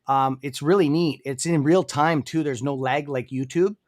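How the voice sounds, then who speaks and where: A man's voice: a little high, normal speed. A man with a Canadian accent hosting a live trading stream, enthusiastic and rambling, with lots of fillers. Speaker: livestream host. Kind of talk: casual livestream chat.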